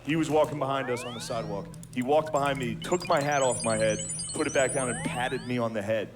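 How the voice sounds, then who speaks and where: A man's voice: mid-range voice, brisk, music in the background. A man doing a stand-up comedy routine, telling profane, self-deprecating stories. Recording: clear background noise.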